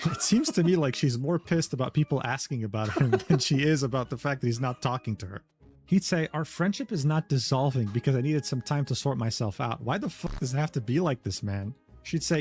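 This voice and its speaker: A man's voice: on the high side, animated, brisk, darkish tone, faint music behind. A man narrating a drama recap, reading quoted messages aloud with sardonic asides. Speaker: commentary narrator.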